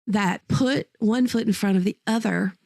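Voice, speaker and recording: A woman's voice: mid-range voice, normal speed, vocal fry, a little mellow, no echo, studio quality. A woman teacher and podcast host telling personal stories in a heartfelt, rambling way, often correcting herself mid-sentence. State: choked up. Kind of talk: personal storytelling.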